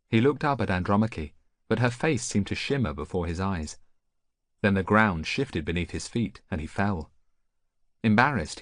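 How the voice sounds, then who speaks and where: A man reading an audiobook as the narrator, telling the story in an expressive way. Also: low voice, no echo, studio quality. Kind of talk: scripted narration.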